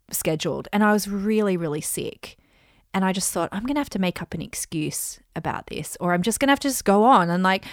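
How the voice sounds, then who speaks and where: A woman's voice: mid-range voice, no room sound, clean studio sound. A woman in her thirties from Australia, hosting a solo podcast and telling personal stories, acting out her own quoted thoughts. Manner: chatty storytelling with acted-out quotes. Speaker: podcast host.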